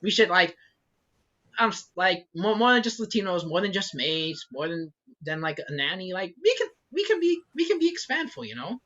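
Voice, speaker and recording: Lively laughing man, bright muffled voice. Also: high voice, moderate pace. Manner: animated, laughing, swearing, many fillers. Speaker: podcast co-host. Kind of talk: casual podcast chat. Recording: muffled lo-fi recording.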